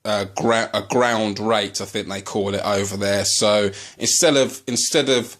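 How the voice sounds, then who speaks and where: A man from the UK filming a casual unboxing video as a collector vlogger. He speaks haltingly and turns to angry ranting, full of swearing. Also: fairly low pitch, fairly even intonation, a bit bright.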